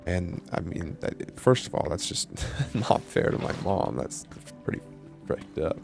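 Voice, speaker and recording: A man's voice: low voice, sing-song, unhurried, creaky, over music. A young man speaking candidly in a casual personal monologue, swearing and using lots of fillers. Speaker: vlogger.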